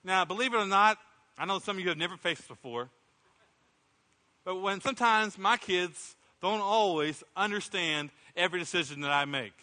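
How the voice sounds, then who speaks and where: A man's voice: sits high, normal speed, pushed and bright. A middle-aged man preaching a sermon as pastor, impassioned, acting out prayers in a raised voice. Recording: long hall reverb.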